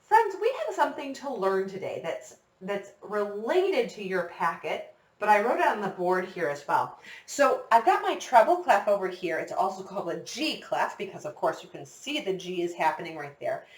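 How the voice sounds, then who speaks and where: Counting in her young recorder students, this patient, encouraging music teacher works in a classroom with a whiteboard. Her mid-range voice swings widely in pitch at a moderate pace, and the echoey room is picked up by a distant mic.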